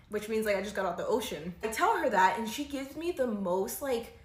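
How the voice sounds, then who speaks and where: A young woman tells a story from her own life, chatty and animated, and leans on "like" a lot. Her voice sits a little high. The sound is echoey, as if recorded in a bare room. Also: brisk, hardly any pauses. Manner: animated, chatty, lots of "like" and bursts of laughter. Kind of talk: casual story time.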